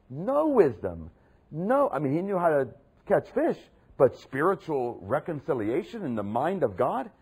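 A man preaching a sermon with emphatic delivery, jumping from loud exclamations to low, quiet asides. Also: husky. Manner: emphatic, swinging between loud outbursts and low murmurs.

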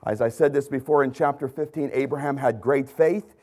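A man preaching a sermon, swinging from loud emphatic lines to hushed ones and pausing to correct his own slips. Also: medium pitch. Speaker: pastor.

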